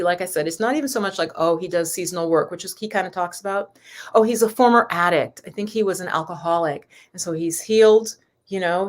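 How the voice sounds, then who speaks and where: A woman spiritual teacher chatting casually with viewers on a live stream, rambling and talking straight to her audience. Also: on the low side. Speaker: spiritual teacher and yoga host.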